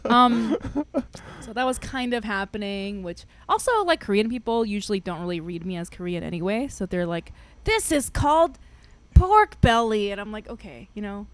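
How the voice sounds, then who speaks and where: A young woman co-hosting a podcast, telling a story in an animated, laugh-filled way with lots of fillers. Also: medium pitch, fairly quick. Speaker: podcast co-host. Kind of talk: casual chat, storytelling.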